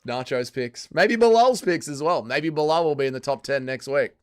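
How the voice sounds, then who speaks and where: Male streamer, slightly high voice, swears a lot while reading chat, faint music behind. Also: moderate pace, clear, resonant tone. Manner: profane, exasperated, banters with chat. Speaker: livestream host reading chat. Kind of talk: casual livestream chat.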